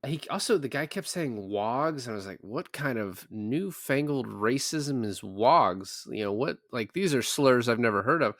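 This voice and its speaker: A man's voice: mid-range voice, lively intonation, moderate pace, few pauses, a bit bright, no echo, studio quality. A man co-hosting a podcast, chatting casually about a movie in a rambling, joking way and acting out characters' lines. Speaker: podcast co-host. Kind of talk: casual movie review chat.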